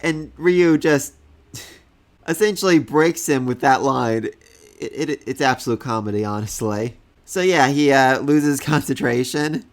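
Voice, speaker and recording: A man giving casual review commentary on a comic chapter, enthusiastic, often laughing and repeating words when excited. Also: medium pitch, measured pace.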